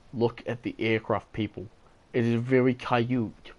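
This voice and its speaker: A man's voice: mid-range voice, normal speed, darkish tone, dull audio. A man giving casual, rambling gameplay commentary, tired and yawning, with enthusiastic, playful asides. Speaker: gaming video host.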